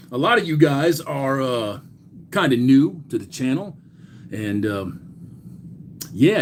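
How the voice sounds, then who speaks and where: A middle-aged man hosting a casual livestream, greeting chatters by name loudly and swearing crudely. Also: medium pitch, slight background noise. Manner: reads chat names aloud with loud greetings, crude swearing. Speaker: livestream host.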